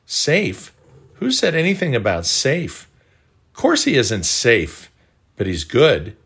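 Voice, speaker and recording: A man's voice: mid-range voice, wildly swooping pitch, takes it slowly, fairly bright tone, breathy edge, heavily acted. A man voicing a stern male talking beaver from a storybook, speaking emphatically.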